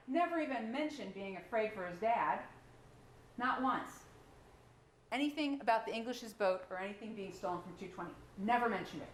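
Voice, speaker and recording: Woman prosecutor hammering the jury w rhetorical questions, highish voice, echoey courtroom, faint hiss. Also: expressive, normal speed. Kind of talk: courtroom closing argument.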